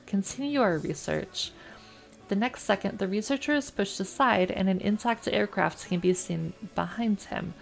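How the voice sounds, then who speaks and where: With a medium-pitched voice and noticeable vocal fry, a US woman reads a game's text out on stream in a calm, even way. Between passages she chats casually.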